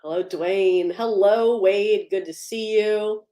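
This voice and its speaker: Woman, livestream host, upbeat and chatty, greets viewers by name, medium pitch, echoey room. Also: steady tone, takes it slowly, warm tone. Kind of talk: casual livestream chat and policy update.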